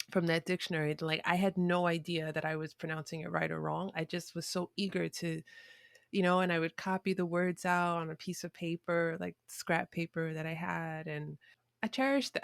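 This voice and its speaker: A woman's voice: deep voice, gravelly, dry recording, studio quality. A woman guest on a podcast, telling a childhood story in a reflective way, with frequent restarts and fillers. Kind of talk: conversational storytelling.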